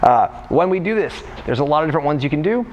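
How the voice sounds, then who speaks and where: A young man coaching warm-up exercises in a casual, joking way while demonstrating the moves. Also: on the high side, animated, fast, a little hiss or hum. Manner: playful, jokey, talks while exercising. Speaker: freerunning coach.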